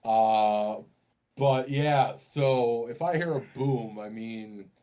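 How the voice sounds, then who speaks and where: A man's voice: mid-range voice, extremely slow, mellow. Man telling a long story on a podcast. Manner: swears often, tells stories at length. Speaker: podcast co-host. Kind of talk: casual podcast chat.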